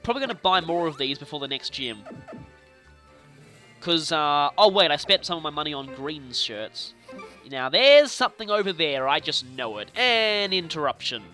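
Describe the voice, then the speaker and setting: A young man casually commenting on his video game play, chatty and playful with animated reactions. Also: a little high, normal speed. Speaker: let's play host. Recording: faint game music behind.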